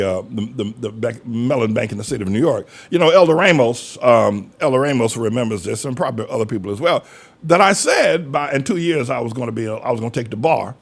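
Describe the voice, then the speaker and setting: A man's voice: mid-range voice, gravelly, breathy edge. An older man preaching a folksy sermon as pastor, from North Carolina, acting out quoted voices as he talks.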